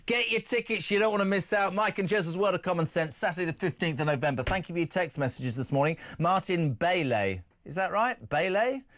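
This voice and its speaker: A man's voice: on the high side, a bit bright, slight background noise. A middle-aged man hosting a talk radio show, reading out listener texts with jokey asides. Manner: jokey, quick asides, laughs at own lines. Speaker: stand-in radio host.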